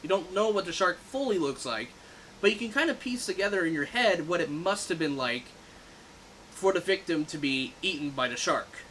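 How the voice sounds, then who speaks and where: A man co-hosting a casual movie review podcast, animated and laughing often as he talks. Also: high voice, normal speed, a little hiss or hum, poor audio. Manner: animated, laughs often, acts out quoted lines. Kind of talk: casual chat.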